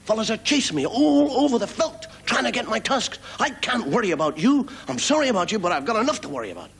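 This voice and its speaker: A man's voice: high-pitched, big pitch swings, quick pace, a bit bright, slight background noise, voice pushed up, full character voice. An Irish man voicing a weary, put-upon male elephant who complains in a self-pitying way.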